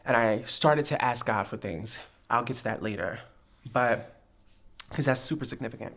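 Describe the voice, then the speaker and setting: A woman's voice: rumbling low, normal speed, vocal fry. A woman from New Jersey hosting a podcast, telling a story with lots of laughs and acted-out quotes. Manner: animated, acts out quoted dialogue, frequent laughs. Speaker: podcast host. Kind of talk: casual storytelling chat.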